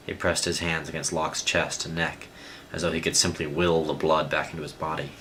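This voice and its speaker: Low slow guy narrating a book, bit of faint hiss behind. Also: low-quality recording. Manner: slow, low steady reading. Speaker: audiobook reader. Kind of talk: scripted narration.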